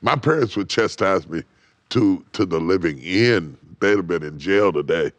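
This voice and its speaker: A middle-aged man preaching on a TV talk show, rising to loud emphatic peaks and dropping to near whispers, repeating his phrases. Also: low-pitched, lively intonation, normal speed, dry recording. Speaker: bishop and guest preacher. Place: TV studio set.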